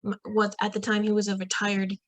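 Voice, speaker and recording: A young woman guest on a podcast, telling a personal story in a lively, casual way and acting out what people said. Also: a little fast, no echo. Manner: lively, acts out quoted voices in a higher pitch; frequent fillers and restarts.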